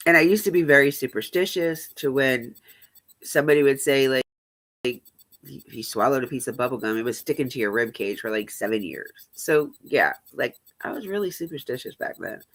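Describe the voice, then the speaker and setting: A woman's voice: very deep voice, expressive, fairly quick. A woman hosting a live stream, telling blunt, profane stories in casual chat.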